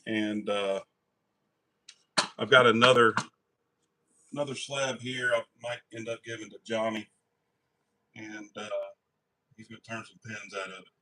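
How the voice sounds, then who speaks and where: A man's voice: on the low side, fairly even intonation, unhurried, pauses often, slight background noise, poor audio. A man hosting a live stream from his workshop, chatting casually and rambling easily with viewers. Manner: easygoing, rambling, warm toward family.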